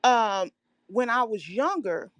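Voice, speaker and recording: A woman on a call-in line, her voice pitched fairly high and sounding close and dry with no room around it. She reminisces loosely, circling back with frequent "you know"s as she talks. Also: expressive, slow pace, no room sound. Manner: rambling, reminiscing, many "you know" fillers. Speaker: caller. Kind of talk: casual call-in conversation.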